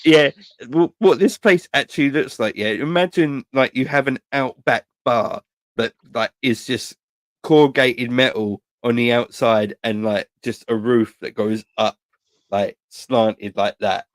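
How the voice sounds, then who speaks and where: A man, co-hosting a casual podcast chat, swearing freely as he rambles through animated anecdotes. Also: medium pitch, a little slow, dry recording. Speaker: podcast co-host.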